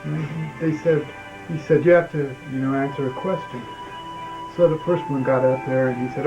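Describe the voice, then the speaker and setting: A man telling jokes slowly and deliberately at a family gathering, chuckling along. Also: mid-range voice. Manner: slow, deliberate joke delivery with chuckles. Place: living room at a family home. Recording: dull late-1990s camcorder audio with music behind. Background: music and television.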